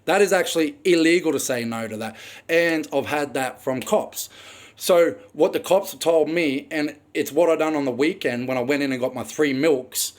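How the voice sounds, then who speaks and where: Australian man, young adult, angry rambling rant, heavy swearing, slightly high voice. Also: moderate pace. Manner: angry, profane, rambling with frequent ums. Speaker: vlogger telling his own story. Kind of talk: ranting personal storytelling.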